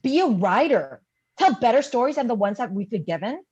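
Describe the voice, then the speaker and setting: A woman reading the part of an eager young aspiring writer who leads the group, full of quick questions, in a live play reading. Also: fairly high pitch, big pitch swings, darkish tone, slightly rough, dull audio. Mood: excited.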